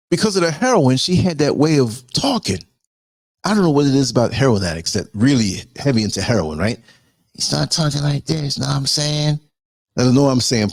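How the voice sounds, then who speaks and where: A man hosting a podcast, telling stories in a loose, conversational way, with quick asides to his listeners and bursts of mimicry. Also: medium pitch, no echo, clean studio sound. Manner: animated, jumps into mimicry and sound effects; conversational, frequent asides to viewers. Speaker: podcast host. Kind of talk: casual storytelling monologue.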